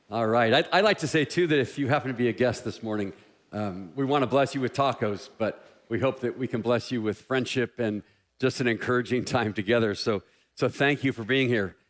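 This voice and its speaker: A middle-aged man preaching a sermon as pastor, joking and self-deprecating with an animated delivery. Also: medium pitch, normal speed.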